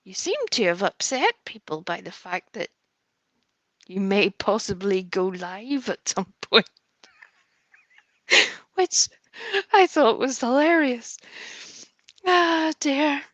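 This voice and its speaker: A woman's voice: a little high, lively intonation, takes it slowly, pauses often, dry recording. A woman hosting a livestream, greeting viewers by name in a chatty, giggly, affectionate way. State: a bit nervous. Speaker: livestream host. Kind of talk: casual chat greeting viewers.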